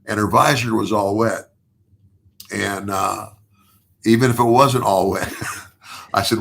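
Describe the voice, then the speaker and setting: A man's voice: fairly low pitch, steady tone, slow pace, vocal fry, pauses often, fairly bright tone. An older man, a podcast guest, telling a long story casually, restarting phrases and chuckling as he goes. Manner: rambling with many restarts and repeated words; chuckles through his own story.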